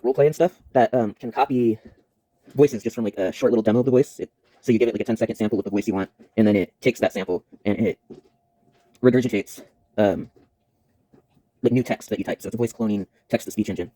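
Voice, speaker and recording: A man's voice: fairly low pitch, fast talker, warm tone, no room sound, rough recording. A man explaining things casually on a vlog, rambling and self-interrupting, with many fillers. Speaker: YouTuber.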